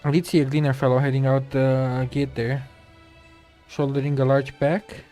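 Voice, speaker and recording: A man's voice: mid-range voice, level tone, normal speed, warm tone, soft background music, natural voice. A man who is feeling unwell, voicing a weary male worker in a game who talks in a casual, offhand way. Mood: tired.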